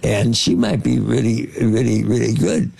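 A man's voice: medium pitch, big pitch swings, normal speed, gravelly, darkish tone, husky, dry recording. An older man, a film producer, telling anecdotes in an interview with many fillers and restarts. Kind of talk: storytelling anecdotes in conversation.

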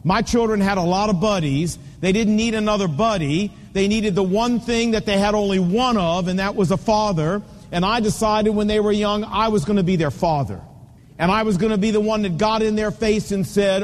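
Male pastor, 50s, high voice, emphatic storytelling sermon, reverberant hall. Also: normal speed. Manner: emphatic, storytelling with repeated punchy phrases. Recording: long reverb of a large hall.

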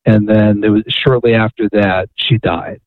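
A man's voice: lowish voice, fairly even intonation, measured pace, no echo. A male author and radio guest telling a story eagerly, often asking "right?" to check in. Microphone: phone call-in. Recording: tinny phone line.

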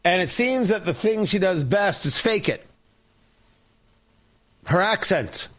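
A man's voice: high voice, expressive, takes it slowly, a bit bright. A male talk show host giving sarcastic, rambling political commentary. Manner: sarcastic, mocking, rambling with restarts.

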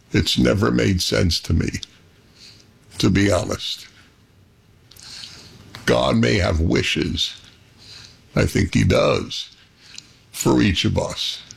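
A man hosting a radio talk show, speaking in a thoughtful, measured and candid way. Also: on the low side, creaky, husky. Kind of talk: reflective call-in show monologue.

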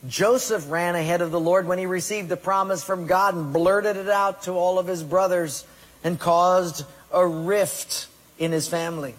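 Husky high-voiced pastor preaching. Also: male voice, steady tone, normal speed. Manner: asks the congregation questions, tells a joke with acted voices. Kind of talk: sermon. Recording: echoey hall reverb.

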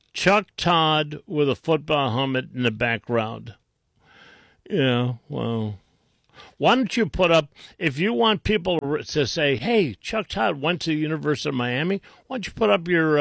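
A man's voice: fairly high pitch, a bit bright, dry recording, studio quality. A man hosting a talk radio show, mocking and combative in tone, with frequent restarts.

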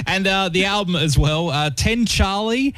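A man's voice: high voice, takes it slowly, noisy background. An Australian man hosting a radio interview, chatty and easily amused, with lots of fillers. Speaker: radio host.

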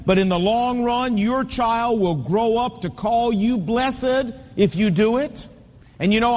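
Male preacher, 50s, high-pitched and emphatic, storytelling sermon style, recorded with long hall reverb. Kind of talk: sermon to men on fatherhood.

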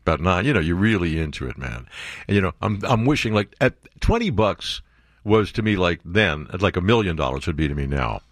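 A man's voice: low voice, sing-song, a little fast, no echo, clean studio sound. A man, a radio host telling a rambling anecdote. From New York. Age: 70s. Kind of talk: casual storytelling on talk radio.

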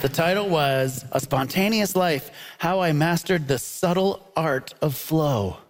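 A man hosting a comedy debate show, upbeat and quick to laugh, with a mock-announcer delivery. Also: a little high. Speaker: game show host. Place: stage before a live audience. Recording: lively crowd and loud noise behind.

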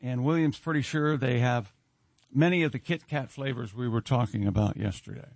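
Gravelly joking male radio host. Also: medium pitch, normal speed, a little mellow, dry recording. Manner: jokey, teasing, reads listener emails aloud. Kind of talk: casual morning show banter.

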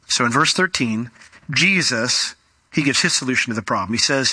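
A male pastor preaching an expository sermon in an animated, conversational way, often acting out quotes. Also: mid-range voice, fairly quick, slightly rough, dry recording.

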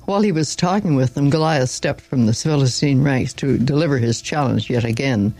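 A man's voice: medium pitch, a little fast, vocal fry, darkish tone, rough recording. A man reading a Bible story aloud in an informal way, with small slips and asides along the way.

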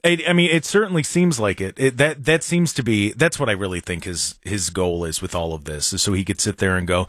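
A man hosting a casual talk show, animated and sarcastic, often dropping into mocking voices. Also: lowish voice, a little fast, hardly any pauses, no room sound, clean studio sound. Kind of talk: casual chat.

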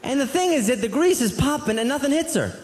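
A man doing a stand-up routine, rambling and animated through his stories with frequent asides. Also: very high voice, fast, noisy background. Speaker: stand-up comedian. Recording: echoey live hall, faint crowd.

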